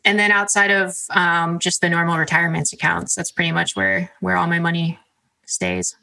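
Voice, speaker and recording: A woman's voice: lowish voice, moderate pace, creaky, bright, forceful tone, rough recording. A young woman chatting casually as a podcast guest, with many "like" and "um" fillers. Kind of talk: casual interview chat.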